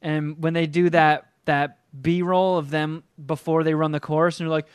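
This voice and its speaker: A man's voice: a little high, level tone, normal speed, smooth, no echo, studio quality. A man chatting casually as a podcast co-host, crude and rambling, restarting often. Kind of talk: casual chat.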